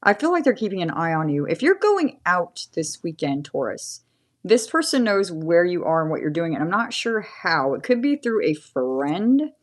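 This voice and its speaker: A woman's voice: fairly low pitch, very animated, moderate pace. Chatty woman in her forties reading tarot. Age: 40s. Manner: chatty, laughs often, thanks viewers. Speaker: tarot reader. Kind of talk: live tarot reading chat.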